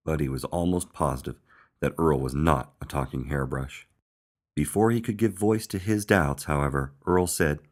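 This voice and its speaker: A man reading a children's picture book aloud in an expressive storytelling manner. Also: sits low, moderate pace. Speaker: storybook reader.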